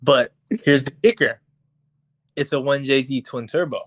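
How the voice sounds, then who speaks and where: A young man co-hosting a podcast, telling a story in a casual, animated, profane way and acting out what people said. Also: mid-range voice, normal speed, no room sound. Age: young adult. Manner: animated, profane, acts out quotes. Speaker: podcast co-host. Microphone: podcast mic on voice chat.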